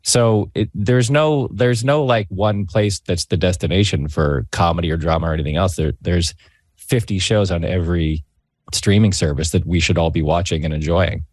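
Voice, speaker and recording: Middle-aged guy rambling thru a story on a talk show, low voice, dry close mic. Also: normal speed, dry recording. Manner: rambling, self-interrupting storyteller. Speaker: guest. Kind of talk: casual chat, storytelling.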